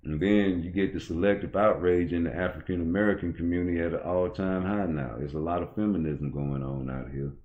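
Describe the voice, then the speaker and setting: A middle-aged man with a very low, deep voice, ranting on his own channel. He is blunt and profane, and his talk runs heated and loose. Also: steady tone, fairly quick, hardly any pauses, narrow, tinny audio, slight background noise. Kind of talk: casual opinion rant.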